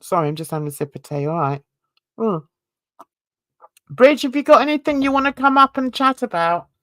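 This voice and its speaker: A woman's voice: on the high side, animated, a little fast, no echo, studio quality. A woman with a North London accent mixed with rural Essex, hosting a casual livestream chat and talking easily with viewers, fond of British slang and endearments. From England. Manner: chatty, warm-hearted, uses British slang and endearments. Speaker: livestream host.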